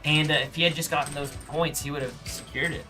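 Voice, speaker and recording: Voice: medium pitch, fairly even intonation, fast talker, sharp tone. A co-commentator talking through a live air hockey match. The speech is loose and rambling, full of fillers, over faint background music. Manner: rambling, casual, many fillers.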